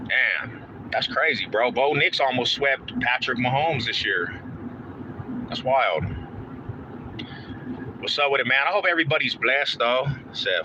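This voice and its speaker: A man's voice: mid-range voice, expressive, a little slow, long pauses, pushed and bright, slight background noise. A man live-streaming from his car on the way to work, chatting hyped and trash-talking, calling everyone bro. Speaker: live-streaming sports fan host. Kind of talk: casual live stream chat. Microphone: phone in hand.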